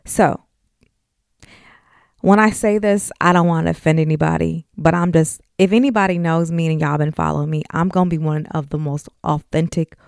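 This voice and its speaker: A woman's voice: low-pitched, steady tone, moderate pace, vocal fry, darkish tone, dry recording, studio quality. A woman in her forties hosting a podcast, talking frankly and emotionally straight to her listeners. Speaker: podcast host. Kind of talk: candid personal talk.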